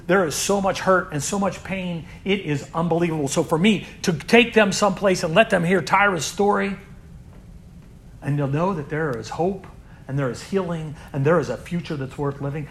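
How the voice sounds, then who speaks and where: A man who leads a youth group, telling stories in an inspirational sermon, earnest and repeating words as he builds, dropping to a hush and then rising loud. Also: fairly high pitch, normal speed, vocal fry, slight background noise. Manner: earnest, swings from hushed to loud emphasis.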